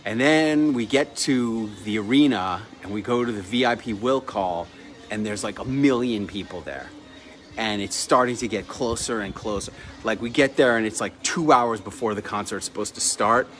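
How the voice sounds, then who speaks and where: A man telling a personal story in a chatty, lively way, laughing now and then. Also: medium pitch. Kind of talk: casual storytelling.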